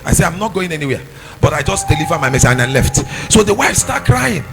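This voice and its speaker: Lively, gravelly preacher. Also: male voice, on the high side, fast, music in the background, poor audio. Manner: storytelling with rising shouts and sung phrases. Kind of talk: sermon testimony.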